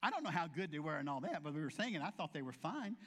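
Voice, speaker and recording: Male pastor, high voice, folksy storyteller who slips into the characters' voices; sermon delivery. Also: sing-song, fast talker, fairly bright tone. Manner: folksy storytelling with humorous asides; acts out quoted voices.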